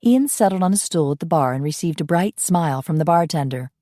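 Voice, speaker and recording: A woman narrating an audiobook in an even storytelling read. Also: low-pitched, fairly quick, no room sound, clean studio sound. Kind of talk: scripted narration.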